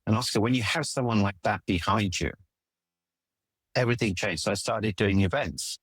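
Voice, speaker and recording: Speaking at a moderate pace in a lowish, fairly bright, slightly rough voice, a middle-aged man who coaches relationships shares stories from his life during an interview. He's earnest and emphatic, frequently starting over, and the sound has no echo.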